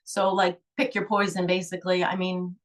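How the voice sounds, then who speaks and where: A woman's voice: fairly low pitch, little pitch movement, normal speed, recorded from a distance. A middle-aged woman, a holistic healer, telling a personal story in an emotional, rambling way, with sighs.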